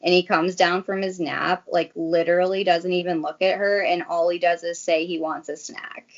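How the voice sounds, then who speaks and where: A woman's voice: on the low side, flat delivery, normal speed. A young woman, a guest on a casual chat show, telling a personal story in a chatty way full of "like"s. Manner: chatty, filler-heavy storytelling with many "like"s. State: briefly tearful. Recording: dull lo-fi sound.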